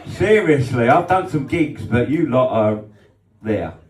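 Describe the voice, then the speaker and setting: An English stand-up comedian performs a brash, sweary set in a small club function room, speaking unhurriedly with lively swings in pitch. Crowd laughter comes through, and the roomy recording is distant with background noise.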